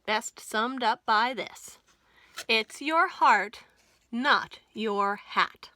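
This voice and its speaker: A woman librarian reads a cowboy picture book aloud to children, telling it in an expressive, folksy way. Her voice is high and bright, and she reads unhurriedly. The sound is close and dry. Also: extremely slow, dry recording. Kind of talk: children's storytime reading.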